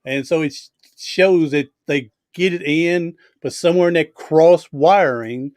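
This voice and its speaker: A man's voice: a little high, a little slow, darkish tone, no echo, clean studio sound. A man hosting a casual video chat, telling stories in a chatty, easygoing way. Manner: storytelling, chatty, laughs easily. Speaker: host.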